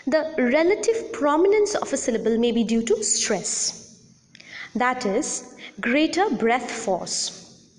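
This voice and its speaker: A woman giving an audio lecture on phonetics, speaking slowly and deliberately and spelling out words letter by letter. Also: on the high side. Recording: long reverb.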